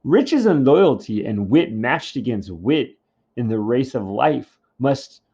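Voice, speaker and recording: A man's voice: medium pitch, lively intonation, takes it slowly, dark tone, breathy edge, heavily acted. A man reading aloud as a proud, angry king who accuses a seer, in a dull lo-fi recording. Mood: indignant. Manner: reads the translated verse aloud, heated.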